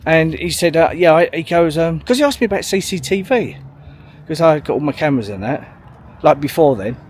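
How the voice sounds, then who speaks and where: A man's voice: a little high, expressive, fairly quick, slight background noise. Rambling, sweary man. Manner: rambling, sweary, full of fillers and restarts. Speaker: vlogger. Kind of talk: casual storytelling monologue.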